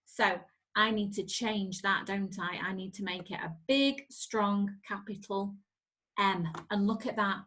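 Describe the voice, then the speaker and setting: A woman teaching a recorded spelling lesson to young children, speaking clearly and encouragingly and drawing her words out. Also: mid-range voice, a little slow, a bit bright, a little hiss or hum. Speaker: primary school teacher.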